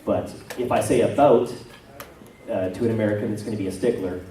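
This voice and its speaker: A man's voice: lowish voice, steady tone, a little fast, mellow. A Canadian man, a voice actor, talking casually and self-deprecatingly at a convention panel. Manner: chatty, self-deprecating, rambling with many asides. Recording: echoey hall, from far off.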